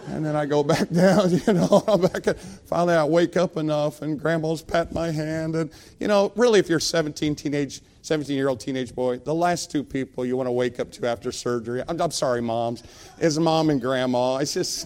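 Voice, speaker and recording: Middle-aged guy preaching, high voice with lots of gravel, acts out the voices, cracks himself up. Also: a little fast. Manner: animated, acts out voices, laughs at his own story. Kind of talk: storytelling sermon.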